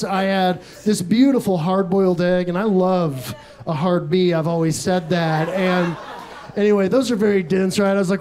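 A young man from Texas, his voice sitting high for a man, works a comedy club crowd with a stand-up set. He tells absurd stories in a deadpan way and drops quick asides between them. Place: comedy club stage with audience laughter.

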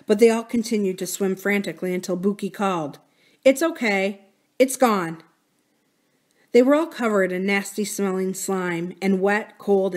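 Woman reading a children's novel aloud. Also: mid-range voice. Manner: expressive, dramatic read-aloud. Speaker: library storytime reader.

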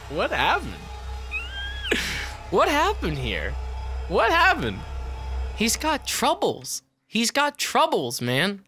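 A man's voice: extremely high pitch, huge pitch swings, drawn-out words, long pauses, bright, forceful tone, soft background music. A man giving let's play commentary who swears a lot, yelps when startled and jokes to himself between bursts. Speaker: gaming YouTuber.

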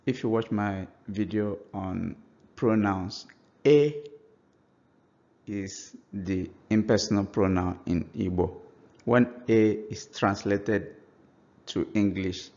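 Slow, low-voiced man teaching a language. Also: darkish tone, dull audio. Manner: slow, patient explanations, spelling out example phrases. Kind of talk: language lesson.

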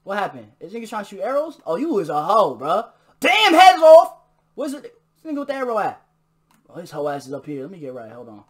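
Excitable gamer man with lively pitch. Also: a little fast. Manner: excitable trash talk, bursts into shouting during fights. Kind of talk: live gameplay commentary. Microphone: new desk mic.

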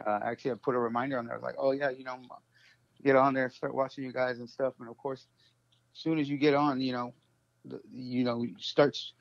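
A man sharing a personal struggle in a halting, emotional way, full of fillers, on a phone. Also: mid-range voice, flat delivery, vocal fry, no room sound. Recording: dull dry phone audio.

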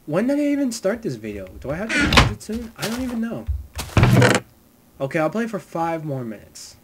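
A man's voice: sits high, huge pitch swings, fairly quick, background noise. A man giving rambling, jokey let's-play commentary, chatting to the animals in his game. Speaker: gamer. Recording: loud music under the voice. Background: loud music.

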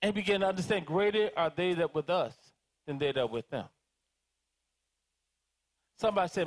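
A man preaching a sermon as pastor, animated and calling out to his congregation for responses. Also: high voice, moderate pace, pauses often. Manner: animated, dramatizing prayers in different voices.

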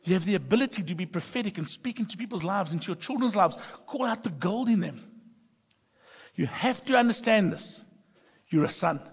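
A middle-aged pastor preaching a sermon, emphatic and humorous, moving between soft confiding talk and loud bursts. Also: male voice, high-pitched, animated, a little fast, slightly rough. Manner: humorous storytelling. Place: church sanctuary. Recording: long reverb of a church hall.

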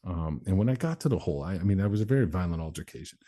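Speaking at a racing pace, this guest in his forties has a low, dark-toned, expressive voice. A motivational speaker, he shares his life story frankly on an interview show and performs others' voices as he goes.

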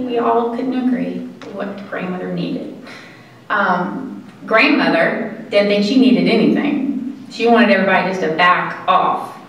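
A woman giving an earnest, conversational lecture to an audience, with halting pauses. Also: medium pitch, a bit bright. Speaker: caregiving presenter. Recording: echoey room from far mic.

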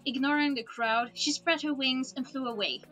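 A woman streamer reading a book aloud in a relaxed way, dropping small casual asides. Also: high voice, normal speed, faint music behind. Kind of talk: storybook read-aloud.

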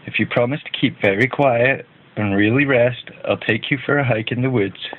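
A man voicing a bossy but kind young girl in a storybook, brisk and motherly. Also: medium pitch, slight background noise, lightly acted. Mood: scolding. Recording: tinny phone-like band.

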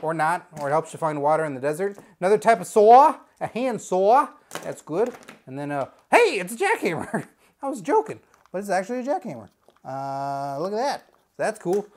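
A man's voice: high voice, sing-song, normal speed, slight background noise. A man hosting a comedic unboxing video, goofy and joking, full of wordplay and mock drama.

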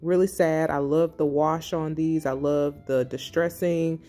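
A middle-aged woman narrating her fashion haul in a quiet, breathy, relaxed ASMR-style voice-over. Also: deep voice, measured pace, faint music behind. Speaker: fashion vlogger.

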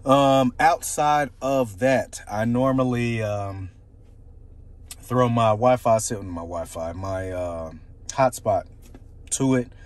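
Speaking slowly in a mid-range voice, a car audio reviewer casually shows off a stereo from inside his car. His talk wanders and hesitates, with many fillers.

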